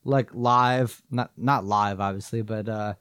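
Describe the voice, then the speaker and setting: A man co-hosting a casual podcast, talking in a rambling, halting way with lots of fillers. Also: lowish voice, fairly even intonation, fairly bright tone, clean tone, dry recording, clean studio sound. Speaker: podcast co-host. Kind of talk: casual chat.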